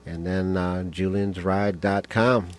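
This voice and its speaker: Deep-voiced man telling lively stories. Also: slow. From United States. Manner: animated storyteller who acts out voices and laughs often. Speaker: guest musician. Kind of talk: storytelling in a radio interview.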